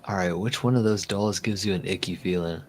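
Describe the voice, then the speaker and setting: A man's voice: low-pitched, fairly quick, a little mellow, a little hiss or hum. A man hosting a casual livestream, chatting in a rambling way with easy laughs and repeated words. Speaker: livestream host. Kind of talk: casual chat.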